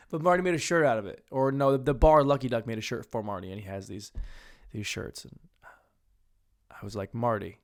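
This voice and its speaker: A young man hosting a solo comedy podcast, rambling through crude, self-mocking jokes, dropping into mumbled asides and then jumping to loud bursts. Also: mid-range voice, normal speed, long pauses. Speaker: podcast host.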